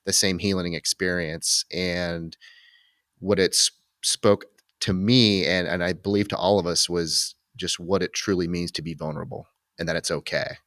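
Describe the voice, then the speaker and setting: A man hosting a podcast, talking in a relaxed and reflective way, with frequent restarts and fillers. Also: sits low, moderate pace, dry recording, clean studio sound. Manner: reflective, rambling with many restarts. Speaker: podcast host. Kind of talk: casual conversational interview.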